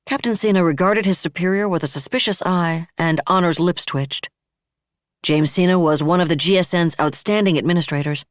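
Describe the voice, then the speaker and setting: An audiobook narrator giving steady, even scripted narration. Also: mid-range voice, no echo, studio quality.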